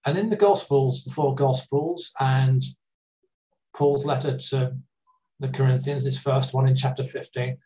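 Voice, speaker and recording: A man's voice: medium pitch, fairly even intonation. Male preacher, chatty sermon delivery, mic a little distant. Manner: conversational, gently humorous, with pauses and restarts.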